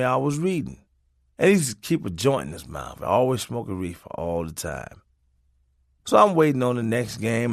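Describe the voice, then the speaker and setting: A man narrating a comic memoir in a profane, preachy way, swinging his pitch for emphasis. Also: no echo, clean studio sound.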